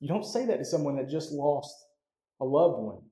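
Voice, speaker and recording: A man delivers a sermon in a loose, conversational way, tossing in "right?" after his points. His voice sits somewhat high for a man but sounds mellow and warm. The sound carries a roomy echo, as though the sermon is picked up in a church hall. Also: sing-song, moderate pace. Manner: conversational, often tags "right?". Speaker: pastor.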